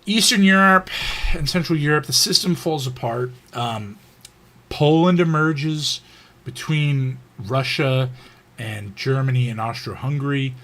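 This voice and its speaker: A man's voice: medium pitch, measured pace, pushed and bright. A man giving a casual, unscripted history lecture, rambling with frequent fillers and restarts.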